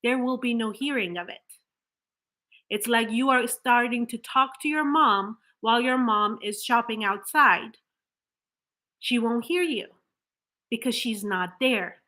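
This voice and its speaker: Bright, high-voiced woman coaching. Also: unhurried, pauses often. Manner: earnest, explains with rhetorical questions and restarts; acts out flat, hollow example affirmations. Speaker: manifestation coach. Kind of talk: motivational talk to camera.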